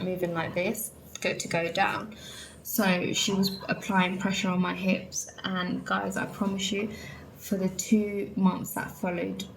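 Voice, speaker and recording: A woman's voice: mid-range voice, slight background noise, poor audio. A young woman from England, chatting candidly to viewers and saying "like" and "literally" a lot. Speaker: vlogger. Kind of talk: casual chat.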